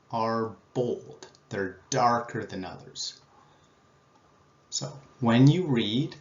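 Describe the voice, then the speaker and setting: Slow, deliberate male English teacher. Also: medium pitch, reverberant, highs cut off. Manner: slow, deliberate modeling of word stress. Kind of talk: explaining a speaking test and reading model texts aloud.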